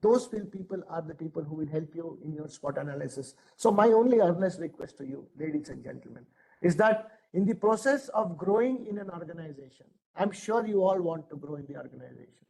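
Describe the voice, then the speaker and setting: A man's voice: a little high, expressive, brisk, vocal fry, darkish tone, poor audio. A middle-aged man with an Indian English accent, lecturing adults as a trainer in an earnest, emphatic way. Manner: earnest, emphatic, repeats phrases.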